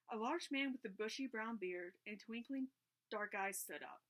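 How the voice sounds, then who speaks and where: A woman reading a children's mystery novel aloud at a steady pace, with small restarts now and then. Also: on the high side, moderate pace.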